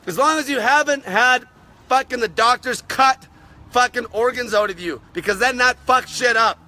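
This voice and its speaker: A man hosting a live stream, ranting aggressively and swearing constantly, his voice wearing raspy. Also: very high-pitched, moderate pace, sharp tone. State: voice getting raspy from talking. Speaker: fasting channel host.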